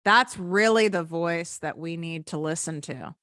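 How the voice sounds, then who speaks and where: A middle-aged woman business coach speaking as a podcast guest, earnest and animated, often acting out the voices in her head. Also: on the low side, measured pace, hardly any pauses, dry recording, studio quality. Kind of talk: conversational interview.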